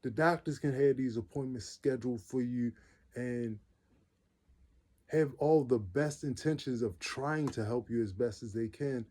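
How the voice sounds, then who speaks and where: Earnest man with a mellow voice. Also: medium pitch, unhurried. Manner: earnest, repeats phrases for emphasis; loose everyday speech with restarts. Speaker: vlogger telling his own life story. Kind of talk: casual personal storytelling.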